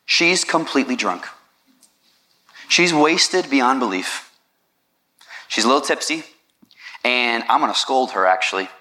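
A stern old priest scolds with indignation, put on by a man retelling the story in a sermon. The voice is bright and forceful, with a sharp edge. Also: mid-range voice, expressive, unhurried, pauses often. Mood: scolding.

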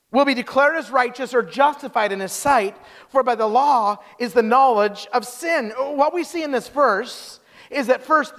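A man preaching a sermon, telling stories with lively acted-out quotes. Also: very high-pitched. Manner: animated storytelling, acts out quotes in character voices. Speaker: pastor. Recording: long hall reverb.

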